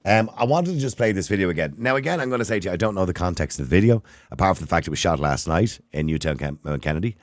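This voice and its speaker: An Irish man hosts a phone-in show in a lively, swooping voice that sits on the low side. He questions and challenges his callers, and the studio sound is close and dry. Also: rapid-fire, few pauses, dry recording. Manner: lively, pushes back on callers. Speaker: radio phone-in host.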